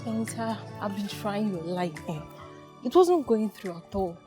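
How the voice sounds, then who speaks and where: A woman playing a sympathetic friend who soothes a grieving woman, repeating gentle reassurances. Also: medium pitch, animated, measured pace, faint music behind, lightly acted. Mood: consoling. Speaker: actress in a film. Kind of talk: film drama acting.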